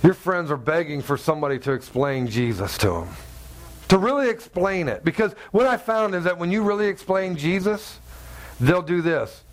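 Male pastor with a high voice; preaches like chatting with friends, jokes and plays out little exchanges. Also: lively intonation, normal speed. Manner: humorous, acts out dialogue in voices. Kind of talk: conversational sermon.

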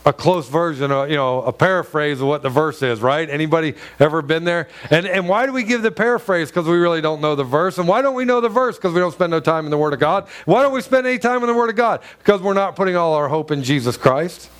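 High-voiced man preaching earnestly. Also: animated, fast, few pauses, smooth. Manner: earnest, emphatic preaching with repeated phrases and rhetorical questions. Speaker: pastor. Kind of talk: sermon.

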